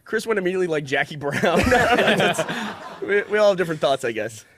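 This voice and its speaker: A man's voice: sits high, animated, a little fast, a bit bright, a little hiss or hum. A man bantering in a joking, incredulous way. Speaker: improv player.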